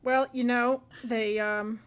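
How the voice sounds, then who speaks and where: Woman podcaster, kinda high voice, dry sarcastic chat, lots of "like". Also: steady tone, slow, smooth. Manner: sarcastic, many "like" fillers. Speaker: podcast co-host. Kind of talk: casual chat.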